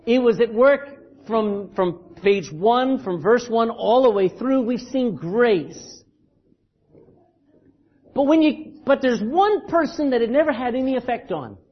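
High-voiced pastor telling a story. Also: male voice, animated, slow. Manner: conversational, storytelling, repeats words. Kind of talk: sermon. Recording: dull lo-fi recording.

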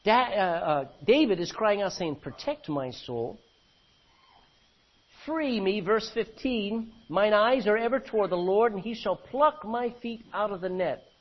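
A man's voice: high-pitched, normal speed, few pauses, highs cut off. A man preaching an expository sermon. He reads scripture verse by verse, then explains it with questions to the congregation. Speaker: pastor.

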